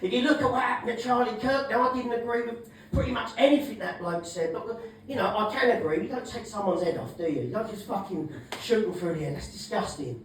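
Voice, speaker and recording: A man doing a stand-up comedy set, brash and sweary, shouting his punchlines. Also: high-pitched, fast, heavy reverb, recorded from a distance, a little hiss or hum, low-quality recording. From England. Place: comedy club stage.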